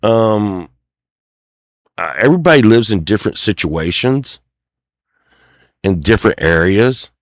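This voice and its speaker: A middle-aged man talks in a deep, low voice, rambling through a casual venting monologue on his own show. He keeps acting out what other people say to him. The sound is dry and close, with no room echo. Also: expressive, a little slow, pauses often. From Texas. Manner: sings a few lines softly. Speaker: show host.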